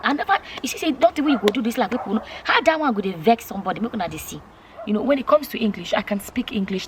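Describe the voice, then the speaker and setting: Nigerian woman, vlogger, rapid casual talk, animated, faint background noise. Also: mid-range voice. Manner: animated, repeats her points, asks viewers questions. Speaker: YouTube vlogger.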